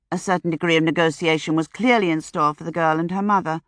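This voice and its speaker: A woman narrating a first-person audiobook in a measured, dryly wry manner, close to the mic. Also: low-pitched, fairly even intonation, a bit bright, clear, resonant tone, dry recording.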